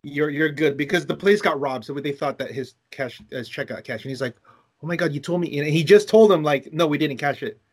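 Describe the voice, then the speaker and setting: A man co-hosting a casual gaming podcast, his voice sitting a bit higher than most men's. He talks in an animated way, swears freely and gets carried away retelling stories. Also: brisk, husky. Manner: animated, swearing, tells long movie stories. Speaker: podcast co-host. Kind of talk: casual chat.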